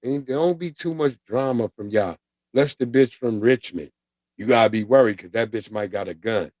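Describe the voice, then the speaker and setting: A middle-aged man hosting a casual livestream, ranting in a loose, profane, animated way and laughing often. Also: medium pitch, normal speed, no room sound. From New York. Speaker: livestream host.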